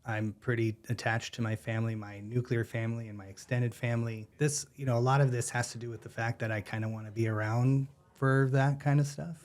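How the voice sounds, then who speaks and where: A man's voice: medium pitch, fairly quick, few pauses. Man in his thirties, easygoing podcast guest, mid-range voice, laughs a lot. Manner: relaxed, easygoing, laughs often. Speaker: gym member, podcast guest. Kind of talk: casual interview chat.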